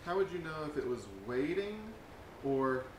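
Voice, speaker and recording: A male student asking a hesitant, halting question during a lecture. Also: on the high side, lively intonation. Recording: roomy, far from the mic, noisy.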